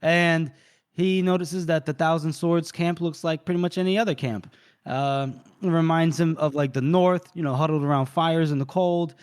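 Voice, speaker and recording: A man on a book podcast, walking his co-hosts through a chapter in an easygoing, meandering way. His voice sits a little high for a man. He drops in characters' dialogue with a light touch rather than fully acting it. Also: steady tone, normal speed, smooth. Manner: retells scenes loosely, voicing characters' lines in passing. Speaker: podcast co-host recapping a novel. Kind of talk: casual chat.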